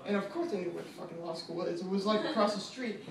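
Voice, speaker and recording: A law student in his twenties does fast-paced open-mic stand-up, casual and profane, mocking himself and leaning on fillers. His voice sits high with vocal fry, and crowd noise fills the background. The recording is noisy and distant, made in an echoey small comedy venue with a live audience.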